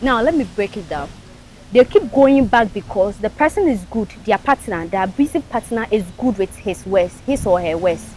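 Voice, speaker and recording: A woman's voice: medium pitch, expressive, normal speed, darkish tone, slight background noise. Frank Ghanaian woman talk show panelist. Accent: Ghanaian English. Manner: frank, emphatic, mixes in local phrases. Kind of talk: casual talk show discussion.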